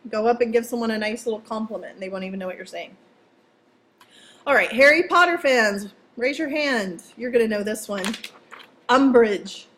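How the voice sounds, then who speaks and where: A woman's voice: a little high, normal speed, fairly bright tone, a little hiss or hum. A woman teaching a vocabulary lesson to students in a playful, chatty way, joking as she goes. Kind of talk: casual classroom vocabulary lesson.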